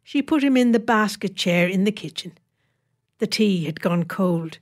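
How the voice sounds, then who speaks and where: Female narrator, measured wry short-story reading. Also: mid-range voice, animated.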